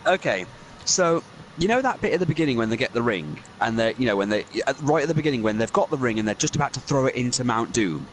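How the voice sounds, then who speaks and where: A man's voice: medium pitch, lively intonation, quick pace, a little hiss or hum, poor audio. Man chatting animatedly while gaming. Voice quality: rambling, crude jokey. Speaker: gaming streamer. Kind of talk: casual chat.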